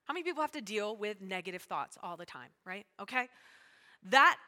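A woman pastor preaching a sermon, talking fast and emphatically and calling out to her congregation. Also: mid-range voice, expressive, sharp tone. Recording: long hall reverb.

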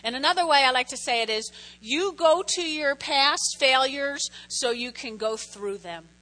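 A woman's voice: sits high, moderate pace, pushed and bright. A woman pastor preaching a sermon in a chatty way, often checking in with her listeners. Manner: chatty, keeps checking in with the audience.

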